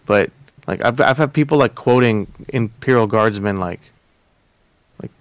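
A man's voice: fairly low pitch, unhurried, dry recording. A man guest on a casual podcast chat, rambling and hesitant with many fillers.

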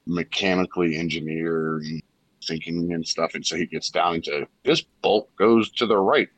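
A man hosting a casual podcast chat, swearing freely and telling animated stories. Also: low voice, moderate pace, no echo, rough recording. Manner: profane, animated storytelling with mock impressions. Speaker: podcast host.

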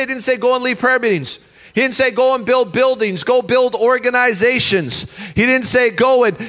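A man's voice: extremely high pitch, sharp tone. A man preaching a sermon as pastor, emphatic and leading the congregation in call-and-response. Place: church hall. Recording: long reverb of a church hall.

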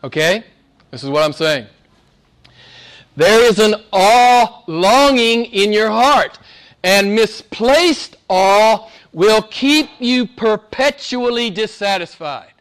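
A man with a Southern American accent preaching a sermon with passion, swinging between loud emphasis and hushed asides. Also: high-pitched, animated, slow pace, clear, resonant tone. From Southern United States. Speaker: pastor.

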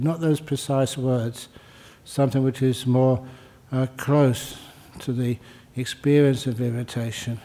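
A mellow, warm-toned older man speaks as a Buddhist monk giving a dharma talk. He answers questions in an easygoing way, with light jokes, and repeats key phrases slowly for emphasis. His delivery stays unhurried and conversational. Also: medium pitch, fairly even intonation.

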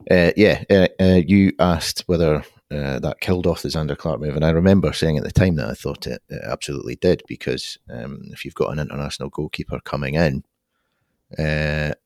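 A man's voice: very deep voice, fairly quick, creaky, a little mellow, no room sound, clean studio sound. A man on a podcast panel, talking things through thoughtfully with frequent fillers. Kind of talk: casual podcast discussion.

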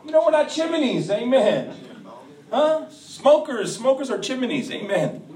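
A man preaching a sermon as pastor, in a call-and-response style that rises to shouts. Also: very high voice, big pitch swings, measured pace. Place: church sanctuary. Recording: echoey church hall from far off.

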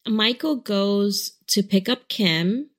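A woman co-hosting a podcast, retelling a story in casual chat and acting out the quoted lines in quick bursts. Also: mid-range voice. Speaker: podcast co-host.

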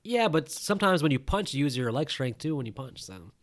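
Animated joking man, lively pitch. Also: fairly quick. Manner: animated, joking, laughs often. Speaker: podcast co-host. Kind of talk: casual movie review chat.

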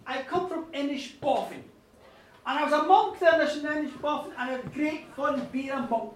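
A man's voice: very high-pitched, normal speed, a little hiss or hum. A man voicing a boastful, sinful medieval monk who stammers through a rambling confession. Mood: confessing. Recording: roomy live recording from a distance.

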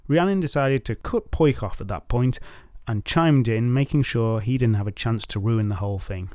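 A man's voice: mid-range voice, lively intonation, moderate pace, few pauses, darkish tone, no room sound, studio quality. Wry, sardonic male storyteller. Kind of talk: comic myth retelling.

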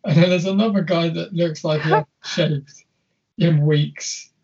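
Young male co-host, husky and slightly high-voiced, loose and sweary, on a dull lo-fi recording. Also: fairly even intonation, measured pace, darkish tone. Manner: rambling, swears a lot, many restarts. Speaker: podcast co-host. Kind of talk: casual film chat.

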